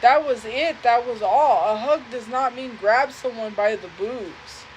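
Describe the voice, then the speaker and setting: A young woman with a fairly high voice tells a personal story on a livestream. She speaks earnestly and haltingly, often restarts, and repeats her points. A faint hum of ambience sits behind her. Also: rough recording. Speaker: livestream host.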